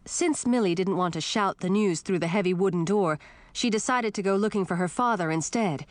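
A woman narrating a first-person fantasy audiobook in an expressive storytelling manner. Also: mid-range voice, fairly quick, dry recording.

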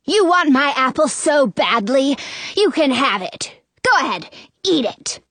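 A woman voicing a sinister old witch in disguise, muttering threats in a low voice. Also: sing-song, unhurried, fairly bright tone, no room sound, exaggerated voice. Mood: menacing.

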